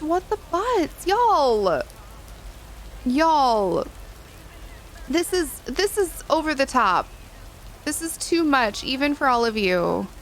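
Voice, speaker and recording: A woman's voice: high voice, a bit bright, a little hiss or hum, poor audio. A woman streamer chatting casually on a live stream, gushing and giggly, saying y'all as she thanks her viewers. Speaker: livestreamer.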